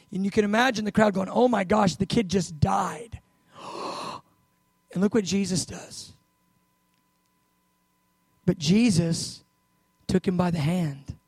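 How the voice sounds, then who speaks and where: A man preaching with a high, lively voice, acting out Bible scenes with loud bursts and soft asides. The sound is close and dry, with no room echo. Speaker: pastor. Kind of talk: sermon.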